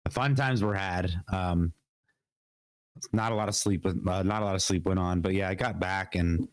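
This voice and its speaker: Young male podcast host, low pitch, under the weather with a cough, loose rambling chat. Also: normal speed, no echo, studio quality. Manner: rambling, repeats words, laughs often. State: sick with a cough. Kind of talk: casual gaming podcast chat. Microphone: podcast mic.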